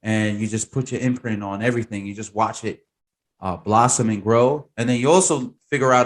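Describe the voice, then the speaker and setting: A man's voice: lowish voice, brisk. A man hosting an interview, enthusiastic and emphatic, cheering on his guest. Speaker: host. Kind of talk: casual interview.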